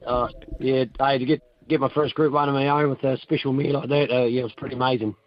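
A hoarse racehorse trainer, chatting casually on the phone with radio hosts, rambling along with plenty of fillers. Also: male voice, mid-range voice, no echo. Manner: rambling, relaxed, halting with fillers. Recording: dull phone line.

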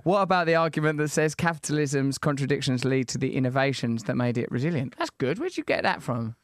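A man's voice: medium pitch, animated, quick pace, no echo, studio quality. A man hosting a casual interview, jokey and rambling, with self-mocking asides between his questions. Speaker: podcast host.

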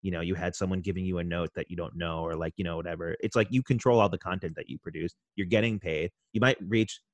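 A man's voice: sits low, fairly even intonation, quick pace, no echo. Rambling man on a headset mic. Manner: rambling, laughs often, many fillers. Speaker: podcast co-host. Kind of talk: casual comedy chat.

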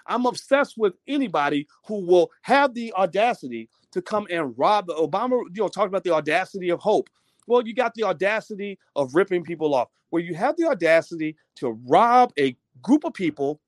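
A male commentator delivering a heated, profane opinion monologue with animated delivery. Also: high voice, dry recording.

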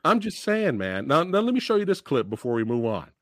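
A man hosting a movie podcast, going on a profane, animated rant about a film and laughing between points. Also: mid-range voice, a little fast, very noisy. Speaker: podcast host. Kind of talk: heated movie review rant.

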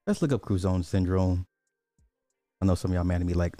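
A man's voice: low voice, huge pitch swings, quick pace, mellow, no room sound, studio quality, faint music behind. A man giving casual commentary, ranting crudely and repeating himself in disbelief. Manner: crude, repetitive, incredulous ranting. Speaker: online commentator.

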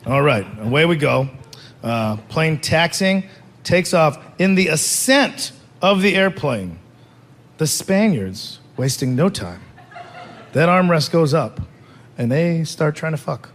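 A man's voice: on the high side, very animated, slow, fairly bright tone, a little hiss or hum. A man performing stand-up comedy, telling a rambling, self-mocking story.

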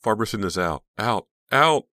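A man voicing a frightened teenage girl who speaks in a shrill, trembling, stammering way. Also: sing-song, brisk, a bit bright, no room sound, clean studio sound.

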